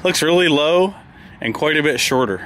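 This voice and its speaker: An excitable man chats casually for his vlog outdoors in a driveway, rambling and restarting his sentences as he goes. His pitch swings widely, and there is faint noise behind him from the camera recording out in the open. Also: normal speed. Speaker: vlogger and truck builder.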